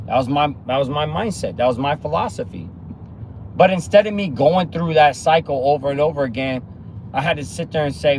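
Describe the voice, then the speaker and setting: A man talking through a motivational monologue, animated and storytelling, with acted-out bits of other people's lines. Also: fairly high pitch, a little fast, a little hiss or hum. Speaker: motivational speaker.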